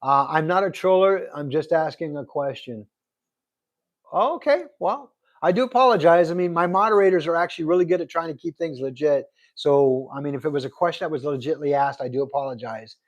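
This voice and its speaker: Middle-aged male host with a slightly high voice, friendly and chatty, reads out comments from a live chat. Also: lively intonation, brisk. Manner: chatty, reads out viewer comments, thanks viewers a lot. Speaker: livestream host. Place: Arizona.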